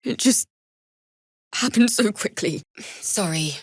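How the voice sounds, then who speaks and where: A young bard in a video game, earnest and grieving, who slips from shy apology into sudden anger. She speaks slowly and carefully, with a pitch that rises and falls a lot. The sound is dry and close. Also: animated, husky, no echo, full character voice. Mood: earnest, apologetic. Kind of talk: video game character dialogue.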